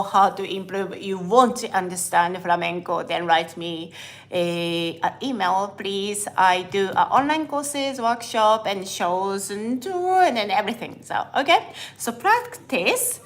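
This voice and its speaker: Slow-talking woman teaching flamenco in an echoey studio. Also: medium pitch, fairly bright tone. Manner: slow, patient, sings out counts and rhythm syllables. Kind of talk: dance lesson with counting and rhythm syllables. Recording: echoey room, mic far off, faint noise.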